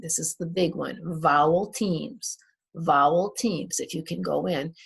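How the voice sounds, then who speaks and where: A woman's voice: lowish voice, gravelly, breathy edge. A woman English teacher recapping a class, patiently repeating words to model their stress. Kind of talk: recorded class recap, slow and deliberate.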